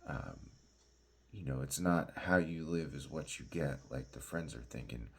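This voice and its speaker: A male pastor teaching through a Bible passage, halting with many fillers and restarts and often asking "right?" and saying "y'all". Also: extremely low pitch, husky.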